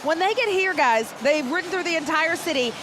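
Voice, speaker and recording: Bubbly high-voiced woman parade co-host. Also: animated, fairly quick. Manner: chatty, bubbly, breaks into song. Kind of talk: live broadcast commentary. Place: outdoors at a parade venue. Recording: loud outdoor crowd noise. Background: noisy crowd.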